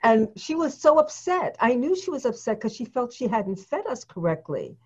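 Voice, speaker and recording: A woman's voice: a little high, sing-song, moderate pace, husky. A woman hosting an interview, affirming and encouraging her guest as she shares her own memories. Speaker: host. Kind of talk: warm interview conversation. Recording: dull lo-fi sound.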